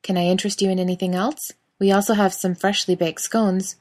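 A woman's voice: mid-range voice, flat delivery, a little fast, a little mellow, natural voice. A woman voicing a worn-out young male barista with strained, forced politeness. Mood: strained polite.

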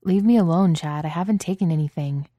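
A woman's voice: sits low, a little fast, dark tone, no echo, dull audio. A woman voicing a bold, affectionate young man in a storybook reading, speaking firmly and insistently.

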